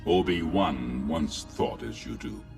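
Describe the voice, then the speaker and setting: An actor playing a menacing armored male dark lord, speaking slowly and with cold command, in a clip from a series. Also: a bass voice, lively intonation, heavily acted. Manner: slow, measured, commanding. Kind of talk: film-series drama clip. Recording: distant film clip with faint score music.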